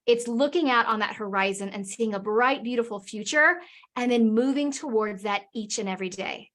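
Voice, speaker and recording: A middle-aged woman, a business owner and podcast guest, telling a lively personal story in an energetic way. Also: fairly high pitch. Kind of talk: storytelling in an interview.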